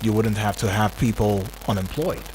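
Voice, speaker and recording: A man with a Nigerian accent hosting a radio talk show, animated and acting out the voices he quotes. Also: lowish voice, moderate pace, slight background noise. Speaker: radio host.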